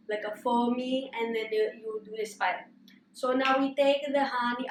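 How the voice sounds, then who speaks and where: A woman with a fairly high voice hosts a comedic cooking demo in an exaggerated put-on Greek accent. She coaxes the viewer through each step with mock-serious, repetitive instructions. She is heard from a distance in an echoey room with a faint ambient hum. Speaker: host demonstrating a recipe.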